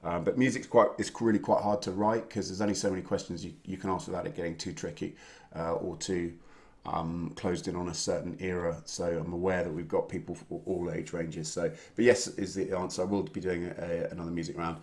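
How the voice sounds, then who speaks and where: A man's voice: low voice, flat delivery, fairly quick. A man from England hosting an online pub quiz from home, chatting casually and greeting viewers by name with lots of fillers. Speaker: quiz host. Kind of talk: casual live-stream chat.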